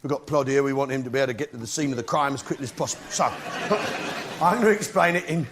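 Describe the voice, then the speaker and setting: A man's voice: medium pitch, fast. A middle-aged English man doing stand-up comedy on a theatre stage, ranting and swearing at a live crowd. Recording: noisy live stage recording with laughter.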